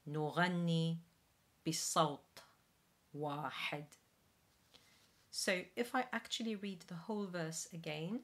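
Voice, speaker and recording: A woman from Wales, a soprano, giving a spoken pronunciation lesson, demonstrating sounds slowly and carefully. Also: low-pitched, vocal fry. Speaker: singing pronunciation teacher.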